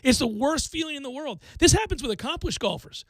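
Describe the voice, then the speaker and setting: A man hosting a sports talk radio show, excitable and animated, acting out quotes and laughing often. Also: very high-pitched, a little fast, no room sound.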